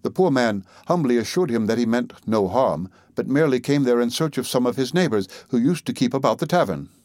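A man reading a story aloud in a steady, measured narrating voice. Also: medium pitch, no room sound. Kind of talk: audiobook narration.

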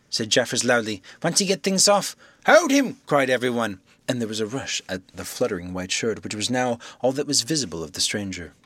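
A man's voice: fairly low pitch, no room sound. Man narrating an audiobook, dry and close. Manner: lively, raises his voice for shouted dialogue. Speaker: audiobook reader.

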